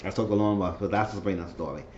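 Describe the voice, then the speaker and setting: A man casually recapping a TV episode, rambling and animated. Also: rapid-fire. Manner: rambling, animated, mimics characters in falsetto. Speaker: TV recap vlogger. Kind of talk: casual review chat. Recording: echoey room, dull lo-fi sound, faint noise.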